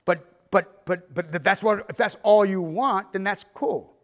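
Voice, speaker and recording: A man's voice: sits high, measured pace. A middle-aged man giving a filmmaking workshop talk, telling stories with acted-out quotes and the odd swear. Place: arts center auditorium.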